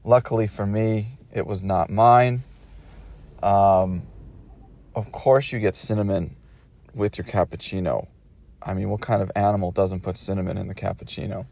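A man's voice: fairly low pitch, creaky, dark tone. A man hosting a casual solo podcast, talking in a wry, rambling way with many fillers while recording on his phone in his parked car. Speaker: podcast host.

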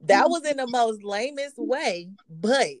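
A woman's voice: fairly high pitch, expressive, measured pace, crowd noise. A woman co-hosting a podcast in casual chat, talking loosely and profanely and laughing often, a little tipsy. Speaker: podcast co-host. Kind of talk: casual chat among friends.

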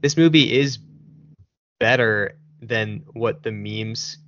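A man's voice: mid-range voice, slow pace, a bit bright, dull audio, a little hiss or hum. A man hosting a casual podcast chat, rambling and laughing often. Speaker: podcast host.

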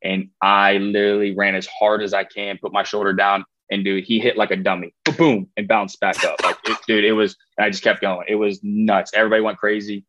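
A man's voice: lowish voice, flat delivery, a little fast, hardly any pauses, lo-fi sound, noisy background. A man in his twenties, a former college football player, telling his story in a casual interview, rambling with fillers and restarts.

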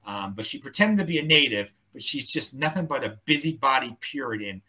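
A man with a Baltimore accent rambles through an opinionated podcast chat, restarting and repeating himself as he goes. His pitch swings widely and his voice has a bright, forceful edge. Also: animated, fairly quick. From Baltimore County, Maryland. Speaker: podcast guest.

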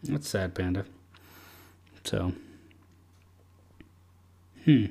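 A man's voice: fairly low pitch, lively intonation, drawn-out words, creaky, warm tone. Easygoing man hosting a chat podcast. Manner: rambling, easygoing, lots of fillers. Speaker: podcast host. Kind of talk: casual chat.

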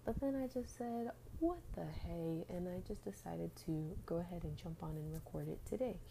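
Groggy, mellow-voiced woman podcast host. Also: on the low side, fairly quick, creaky, slight background noise, poor audio. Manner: rambling, chatty with fillers and restarts. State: groggy, just up. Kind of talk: casual faith podcast chat.

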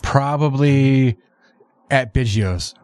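A man's voice: medium pitch, very slow, darkish tone, no room sound, clean studio sound. A male co-host chiming in with short, agreeing replies during casual chat. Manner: brief interjections and agreeing replies.

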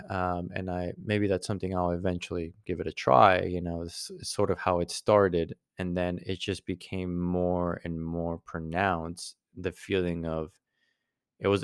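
Man, very deep voice, smooth tone, podcast host, rambling personal talk, many restarts. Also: dry recording, clean studio sound. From United States. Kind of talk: casual personal monologue.

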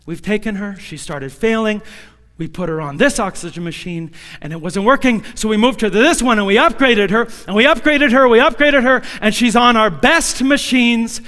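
High bright-voiced man preaching in a hall. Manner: swings from hushed storytelling to shouted pleading. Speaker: preacher giving a testimony. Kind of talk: sermon.

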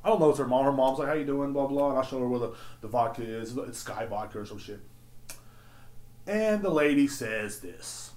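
Profane, animated man ranting, echoey room. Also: mid-range voice, moderate pace. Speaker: podcast host. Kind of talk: casual storytelling rant. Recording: roomy echo.

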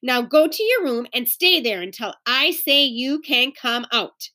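A woman's voice: sits high, lively intonation, unhurried, sharp tone, heavily acted. A woman voicing a tired, firm mother in a storybook reading. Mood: stern.

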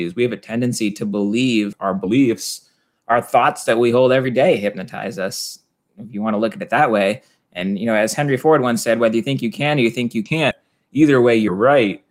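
A man who works as a stage hypnotist, telling stories in an interview in an animated way, often laughing and acting out voices. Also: medium pitch. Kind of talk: conversational interview storytelling.

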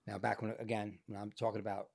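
A man, an actor guest on a podcast, telling a story in a profane, animated way, his voice changed by illness. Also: fairly low pitch, fast talker, creaky. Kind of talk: casual podcast interview storytelling.

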